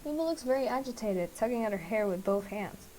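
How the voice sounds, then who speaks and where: A woman streamer who reads a dating game aloud quickly, a bit out of breath and poking fun at herself. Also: a little high, lively intonation, warm tone, slight background noise, low-quality recording. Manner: fast, self-mocking reading. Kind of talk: game dialogue read-along.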